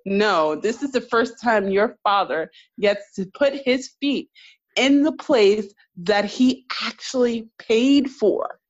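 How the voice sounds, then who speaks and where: A woman's voice: a little high, animated, slow, lo-fi sound. A woman co-hosting a casual TV recap chat, emphatic and opinionated, repeating her points. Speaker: podcast co-host.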